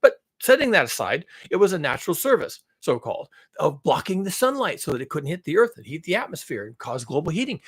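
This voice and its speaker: Husky sarcastic man with a lively pitch. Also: fast talker, hardly any pauses. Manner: sarcastic, mock-alarmed outbursts between low mutters; rambling, self-correcting. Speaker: climate commentary channel host. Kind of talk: sarcastic spoken commentary.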